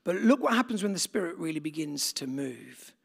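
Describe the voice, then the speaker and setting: A man's voice: fairly high pitch, big pitch swings, fairly quick, vocal fry, slightly rough. A man preaching a sermon to a live congregation in a conversational way, putting questions to the room. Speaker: pastor. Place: church gathering with live congregation.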